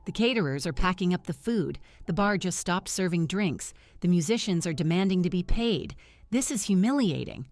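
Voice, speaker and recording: A woman's voice: fairly low pitch, lively intonation, moderate pace, darkish tone, no room sound. Woman reading as an enraged, snapping father. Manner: snapping, scoffing. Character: angry middle-aged father, tight with rage.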